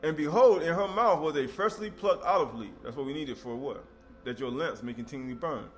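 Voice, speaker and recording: A man delivers a casual sermon in a fairly high voice, mixing scripture readings with street-talk asides and rhetorical questions. Faint music plays quietly beneath him. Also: brisk. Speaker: preacher. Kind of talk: informal sermon teaching.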